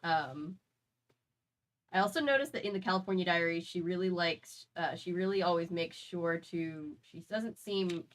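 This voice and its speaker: A woman's voice: on the low side, moderate pace, rough recording. A woman hosting a casual stream chat, rambling along with lots of "like" fillers. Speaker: host.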